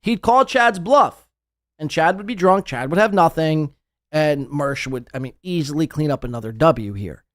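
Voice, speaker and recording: A man's voice: fairly high pitch, moderate pace, no echo, studio quality. Ranting man hosting a podcast. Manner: mocking, ranting, animated impressions. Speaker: podcast host. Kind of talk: casual commentary over a group call.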